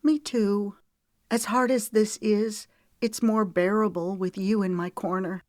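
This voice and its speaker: A woman's voice: mid-range voice, steady tone, unhurried, a little mellow, no echo, studio quality, pitched above the performer's own voice, lightly acted. A woman narrator voicing a tearful, defiant young woman in an audiobook, with a pleading, emotional delivery. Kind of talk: audiobook character voice.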